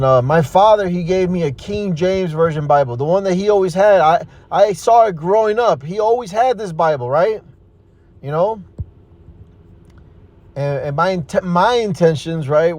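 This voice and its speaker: High-voiced, forceful man street preaching. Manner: forceful, profane, repeats "man" and "you see". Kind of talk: street preaching and personal testimony.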